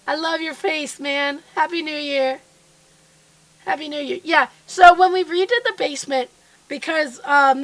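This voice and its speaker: A woman with a hoarse, froggy voice from being sick, chatting casually and cheerfully with viewers from her home basement studio. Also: high voice, a bit bright. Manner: chatty and upbeat, greeting viewers by name. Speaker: quilt designer and live streamer. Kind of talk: casual live-stream chat.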